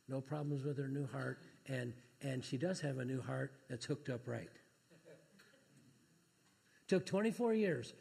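A man preaching a sermon and telling family stories, talking plainly and then rising to loud, excited preaching. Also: a little high, creaky, husky, in a large hall.

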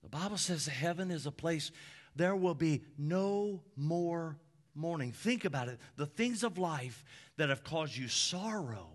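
A man preaching a sermon from the pulpit as a pastor, with emphatic repeated lists that swing between loud peaks and hushed drops. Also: on the high side, expressive, measured pace.

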